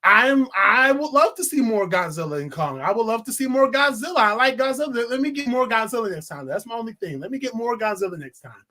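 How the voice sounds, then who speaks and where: A young man giving a casual, animated movie review, swearing freely and laughing often. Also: extremely high pitch, fast, hardly any pauses. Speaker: film reviewer.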